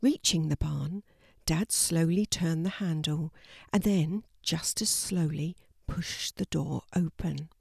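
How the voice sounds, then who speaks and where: Gentle older woman reading a bedtime story. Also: deep voice, slow, gravelly, breathy edge, no room sound, studio quality.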